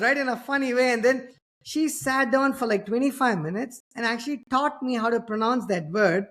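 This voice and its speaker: A man's voice: extremely high pitch, moderate pace, a bit bright. Indian-accented male host, middle-aged, talky and anecdotal, pokes fun at himself. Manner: chatty, anecdotal, self-deprecating. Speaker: podcast host. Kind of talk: casual conversation.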